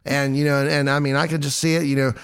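A man's voice: a little high, fast, clean tone, no echo. Guy hosting a crime podcast, dry close mic, keeps doing silly voices for the people in the story. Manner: animated storytelling, acting out quotes in goofy voices; self-deprecating, jokey. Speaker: podcast host. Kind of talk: casual true-crime chat.

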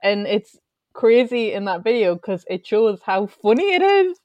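A woman's voice: mid-range voice, sing-song, measured pace, no room sound, lo-fi sound. A woman with a northern English accent in casual panel chat, talking in a chatty way with many fillers. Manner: chatty, frequent fillers, laughs often.

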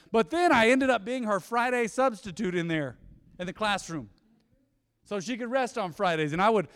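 A middle-aged man preaching a lively sermon, swinging between loud exhortation and soft asides. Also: high voice, clean tone. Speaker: pastor. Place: church sanctuary. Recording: church hall reverb.

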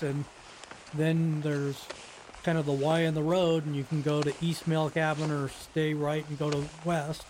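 A man in his sixties tells the story of his own backcountry ski emergency in an interview, unhurried and plain, pausing often. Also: fairly high pitch, darkish tone, a little hiss or hum. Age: 60s. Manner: plain, unhurried storytelling with many pauses and "you know". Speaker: skier telling his rescue story. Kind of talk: recounting a personal story in an interview.

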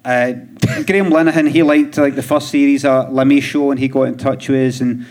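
A Glaswegian comedian from Scotland, guesting on a live podcast on a theatre stage, speaks in a mid-range voice with fairly even intonation, fairly quick pacing and a darkish tone. He rambles through stories with restarts and dry chuckles, and audience noise fills the live recording.

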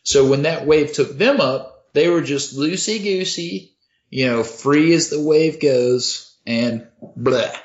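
A man co-hosting a comedy podcast, telling a grim story in a deadpan, mock-serious, profane way. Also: on the high side, slow, echoey room, muffled recording. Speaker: podcast co-host.

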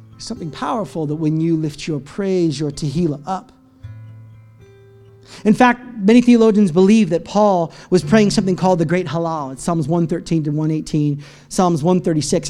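A man preaching a sermon as pastor, moving between a low teaching tone and high, impassioned cries. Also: a little mellow. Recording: faint guitar music behind.

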